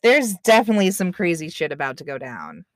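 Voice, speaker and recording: A woman's voice: on the low side, huge pitch swings, quick pace, no echo. A woman co-hosting a podcast, teasing and blunt in casual chat about a movie. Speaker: podcast co-host.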